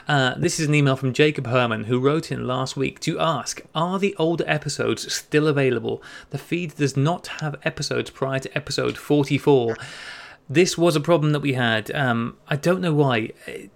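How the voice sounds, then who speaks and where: An Englishman co-hosting a podcast in casual chat, reading out listener emails with easy laughs and quick asides. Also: mid-range voice, vocal fry. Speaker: podcast co-host.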